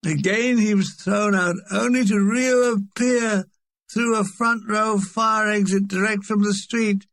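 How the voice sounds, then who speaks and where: A man's voice: high-pitched, fairly even intonation, unhurried, a bit bright, dry recording. A man reading a comic memoir aloud with a wry, dry delivery. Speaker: audiobook reader.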